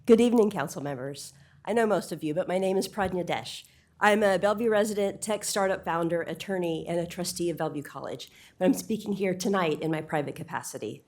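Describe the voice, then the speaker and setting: A woman speaking at a city council meeting, a little short of breath, with a lowish, gravelly voice. She lays out her points earnestly and persuasively, catching and correcting her own slips. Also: a little fast, darkish tone. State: slightly out of breath. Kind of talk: prepared public comment speech.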